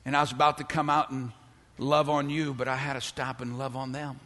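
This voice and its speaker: An older man preaching a dramatic sermon in church, dropping to hushed tones and building to loud calls for praise. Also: mid-range voice, level tone, brisk, long reverb tail. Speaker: pastor.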